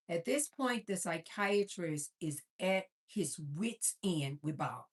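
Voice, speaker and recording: A woman hosting a casual cooking livestream, telling stories animatedly and talking to viewers. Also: mid-range voice. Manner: animated storyteller, talks to viewers as "you guys". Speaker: livestream host.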